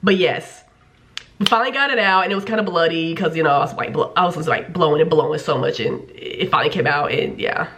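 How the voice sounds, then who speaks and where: A woman's voice: deep voice, fast talker, a bit bright, dull audio. A young woman telling a story to camera in a casual vlog, chatty, swearing freely and saying "like" a lot. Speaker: vlogger.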